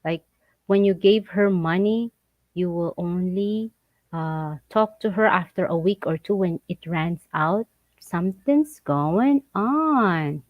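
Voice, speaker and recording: A woman talks slowly and deliberately in a casual vlog chat, animated and often laughing. Her voice sounds close and dry with no room around it, and a little dull and muffled. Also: on the low side, no echo. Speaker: vlog co-host. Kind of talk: casual chat reading viewer comments.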